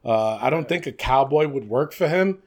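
A man's voice: mid-range voice, expressive, moderate pace, a little mellow. A young man co-hosting a podcast, chatting casually and animatedly, laughing often and talking in fillers. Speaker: podcast co-host. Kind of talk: casual wrestling chat.

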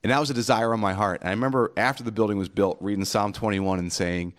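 A man's voice: on the low side, steady tone, quick pace. A man, a pastor hosting a podcast, talking earnestly and reflectively about faith in casual conversation, quoting scripture and sayings.

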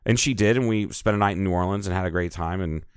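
A man's voice: low-pitched, fast, clear, resonant tone, no room sound, studio quality. A middle-aged man chatting casually as a podcast co-host, telling rambling, jokey stories and correcting himself as he goes. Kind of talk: casual chat.

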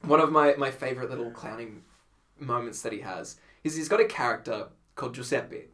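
Male podcast guest, bright tone, mid pitch, animated storyteller. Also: fairly quick. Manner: animated storytelling, acts out quotes, laughs often. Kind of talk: casual chat.

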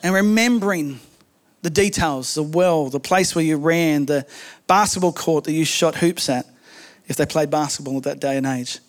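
A man preaching a sermon, telling stories in an animated way with humorous asides. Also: a little high, moderate pace. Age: adult, married.

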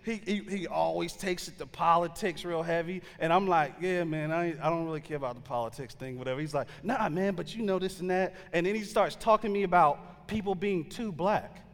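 A man's voice: fairly high pitch, fairly quick, few pauses, big-room sound. A man preaching a sermon, telling a story in a loose, conversational way with slang and frequent fillers. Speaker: pastor.

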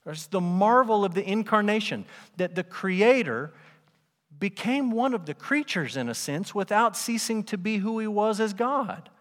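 A man delivers a sermon to his congregation in a conversational way, asking rhetorical questions as he goes. His voice sits on the higher side for a man, and it rings out with a long reverb that fills the church sanctuary. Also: a bit bright. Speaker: pastor.

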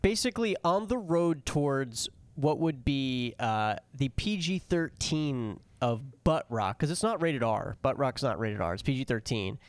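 Young male podcast co-host, clean, close-mic sound, dry deadpan explainer. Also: medium pitch, measured pace, few pauses, clean tone, dry recording. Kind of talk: casual chat.

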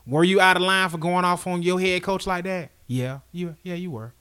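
A man's voice: high-pitched, fairly even intonation, normal speed, pushed and bright, smooth. A man co-hosting a podcast, giving blunt, scolding rants in casual sports chat. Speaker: podcast co-host.

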